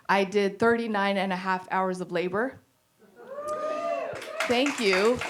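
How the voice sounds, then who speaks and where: A woman doing a stand-up comedy set, telling jokes with lively leaps into acted quotes and laughing at her own lines. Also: on the high side, background noise. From Pakistan. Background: audience laughter.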